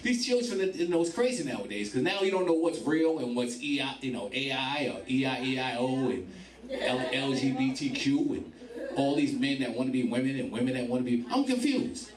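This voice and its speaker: A man's voice: medium pitch, lively intonation, fairly quick. A man doing stand-up crowd work in a bar comedy club, profane and laughing through his lines. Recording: echoey club from far off with crowd.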